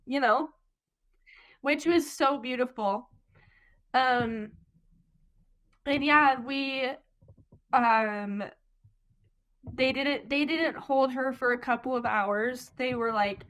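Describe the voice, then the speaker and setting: Her voice is high-pitched and a bit bright, her pace measured, as this young woman in her twenties shares her own birth story on an interview show. She turns tearful at moments, leans heavily on "um" and "like," and quotes other people in this emotional personal account.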